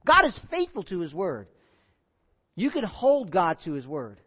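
This unhurried pastor has a mid-range, slightly breathy voice, captured with lo-fi sound. Animated and conversational, he works through a Bible passage, repeating key phrases and putting questions to the congregation.

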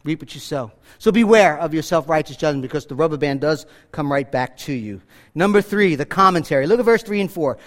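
Male pastor, high voice, earnest conversational sermon, church reverb. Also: lively intonation, brisk. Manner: earnest, conversational preaching with emphatic asides. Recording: reverb from a large hall.

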